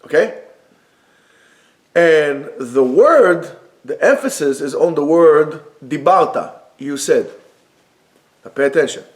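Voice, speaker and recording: A man with a fairly high voice teaching a Torah class. He talks in a lively way, acts out the text's dialogue, and moves between Hebrew quotes and plain explanation. He is recorded indoors in a yeshiva study room. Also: slow.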